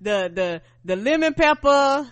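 A man co-hosting a casual podcast chat, chiming in with quick riffs and short agreements. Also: very high-pitched, animated, a bit bright. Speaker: podcast co-host.

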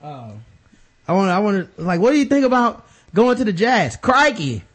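A man's voice: high-pitched, big pitch swings, a little fast. A man hosting a podcast, talking sports casually with loose, joking asides and trailing thoughts. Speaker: podcast host.

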